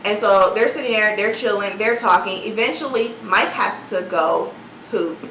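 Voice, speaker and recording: A woman at a mid pitch recounts a story in a casual storytime style, dropping "like" every few words and breaking off for disbelieving asides. Her voice bounces around a roomy space, and the sound is a little dull, as if from a modest mic. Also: moderate pace, fairly bright tone, slight background noise. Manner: chatty, many "like" fillers, incredulous asides. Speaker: storytime vlogger.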